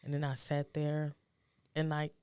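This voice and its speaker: A middle-aged woman speaking as a guest, telling a personal story in a soft, halting, reflective way and becoming urgent when she gives advice. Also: low-pitched, completely flat delivery, clean tone, no room sound.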